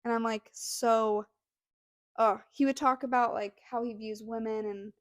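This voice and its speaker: A young woman with a fairly high voice tells a story on a podcast, gushing and emotional, with lots of fillers. She sounds close to tears. The recording is close and dry. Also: steady tone, measured pace, no echo. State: near tears. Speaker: podcast co-host. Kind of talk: casual storytelling chat.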